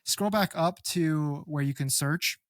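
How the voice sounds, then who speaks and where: A man gives casual buying advice as an expert guest, talking quickly and animatedly. His voice sits a bit high, and the recording is very dry, with no room sound around him. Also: no echo. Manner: animated, quick explainer who acts out customers.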